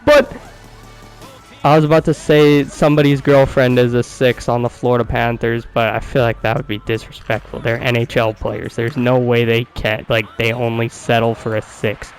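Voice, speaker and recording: Excitable man calling his own hockey game. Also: mid-range voice, normal speed, hardly any pauses, faint music behind, low-quality recording. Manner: excitable, cursing, bursts into loud cheering. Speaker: gaming YouTuber. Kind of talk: excited play-by-play of a video game.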